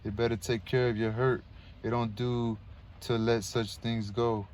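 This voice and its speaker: A man voicing a wounded, rambling male soldier who talks in a slow, rustic, slurred drawl. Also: medium pitch, flat delivery, a little mellow, a little hiss or hum, natural voice. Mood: worried.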